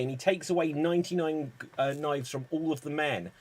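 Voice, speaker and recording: A man hosting an online improv comedy show, explaining the games in a brisk, upbeat way. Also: fairly high pitch, dry recording.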